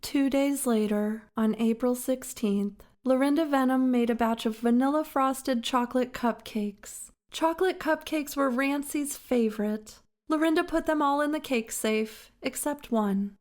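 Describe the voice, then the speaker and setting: A woman narrating a historical story in a slow, measured, dramatic way. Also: high voice, a little mellow.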